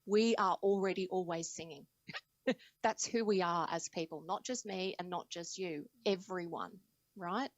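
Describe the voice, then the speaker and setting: A woman speaking as an interview guest on singing, reflective and animated in conversation. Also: fairly low pitch, no room sound, poor audio. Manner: reflective, animated storytelling with laughs.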